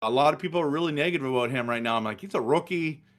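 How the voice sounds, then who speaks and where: A man's voice: a little high, rapid-fire, fairly bright tone. A middle-aged man, ranting passionately about hockey in a casual sports chat. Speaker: hockey show host.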